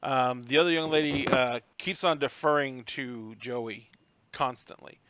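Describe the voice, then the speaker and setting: A man running a tabletop game in a loose, rambling way, full of fillers. His voice is bright and smooth, with a fairly high pitch. The recording sounds dry and a little muffled. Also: unhurried, dry recording. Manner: casual, rambling, many fillers. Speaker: game master.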